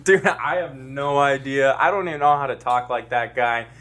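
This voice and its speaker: A man's voice: medium pitch, normal speed, fairly bright tone. A young man in his twenties co-hosting a podcast in casual chat, laid-back, often laughing along and chiming in. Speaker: podcast co-host.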